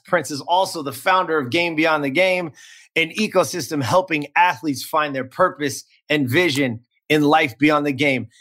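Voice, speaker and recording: A man's voice: a little high, fairly bright tone. Upbeat man hosting a podcast. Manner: enthusiastic, hype-building, repeats words. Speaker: podcast host. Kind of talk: energetic podcast interview.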